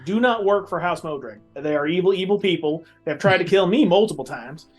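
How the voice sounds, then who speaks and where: Guy player at a tabletop game, kinda high voice, rambly and chatty, faint music. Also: fairly quick. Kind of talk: casual tabletop play.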